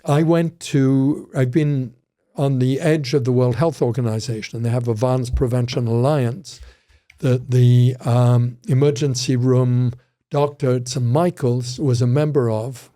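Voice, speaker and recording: A man's voice: medium pitch, steady tone, unhurried, mellow. An older man, a criminology professor, telling rambling stories with frequent restarts in a casual interview.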